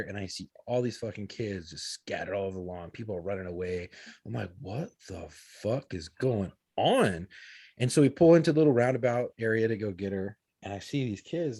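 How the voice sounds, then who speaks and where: A man's voice: fairly low pitch, expressive, fast, a little mellow, dry recording. A man in his thirties, a podcast co-host, telling a story in casual, profane talk full of quoted dialogue. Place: podcast studio.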